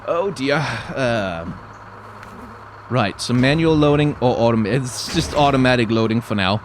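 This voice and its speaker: A man's voice: medium pitch, very animated, measured pace, a little hiss or hum. A man with a light Danish accent giving casual gameplay commentary, thinking aloud and reading tutorial text as he goes. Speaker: YouTuber playing a driving game.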